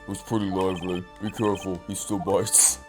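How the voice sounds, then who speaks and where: A man voicing a brooding, smug masked male prosecutor who speaks low, slow and quiet. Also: flat delivery, soft background music, close to an everyday voice.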